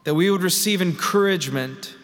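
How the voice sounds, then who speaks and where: A man leading worship as a pastor, reading scripture and praying in a slow, measured way with rising emphasis. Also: sits high, fairly bright tone. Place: large church sanctuary. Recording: long church reverb.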